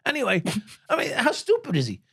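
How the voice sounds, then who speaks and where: Profane, animated New man in his sixties. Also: very high-pitched, brisk, creaky, dry recording, clean studio sound. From United States. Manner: profane, animated, bursts into shouting. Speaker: interview guest. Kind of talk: storytelling interview.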